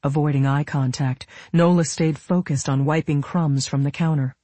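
A narrator reading an audiobook with steady pacing. The voice is husky, mid-pitched, and recorded close and dry. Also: normal speed, hardly any pauses, dry recording. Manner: steady storytelling. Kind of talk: scripted narration.

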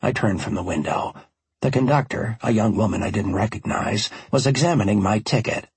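Gravelly, husky male audiobook narrator. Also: fairly low pitch, animated, dry recording. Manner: wry, measured storytelling. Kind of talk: scripted first-person narration. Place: recording studio. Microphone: studio microphone.

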